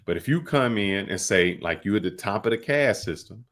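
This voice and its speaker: Deep-voiced man hosting a podcast. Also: animated, a bit bright. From United States. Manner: loose storyteller, drawn-out fillers and restarts. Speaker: podcast host. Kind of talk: casual podcast chat.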